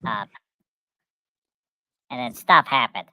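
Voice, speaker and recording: Woman telling a goofy story, bright voice, dry close sound, keeps saying and then. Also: medium pitch, expressive, normal speed, no room sound. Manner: rambling, repeats herself. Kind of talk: casual chat, telling a silly story.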